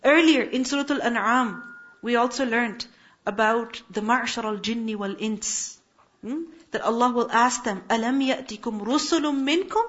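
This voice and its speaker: A woman's voice: a little high, moderate pace, a bit bright, dull audio. Woman teaching Quran with rhetorical questions. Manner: explains Arabic words step by step with rhetorical questions. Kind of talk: religious lesson on Quranic verses.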